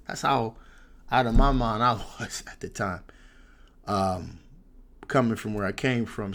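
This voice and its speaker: A man hosting his channel, telling a personal story in a casual, animated way, swearing freely. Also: mid-range voice, unhurried. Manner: animated, profane, laughs through the story. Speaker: tarot reader and channel host.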